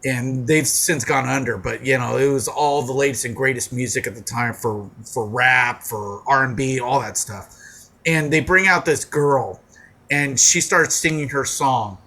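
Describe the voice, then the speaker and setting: A man co-hosting a podcast, telling a funny story in a casual, profane way and shouting out the lines he quotes. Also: medium pitch, unhurried. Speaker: podcast co-host.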